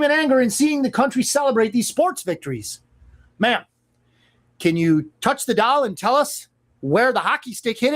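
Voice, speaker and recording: A host delivering an opinionated commentary monologue in a sarcastic, mocking and emphatic manner. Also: mid-range voice.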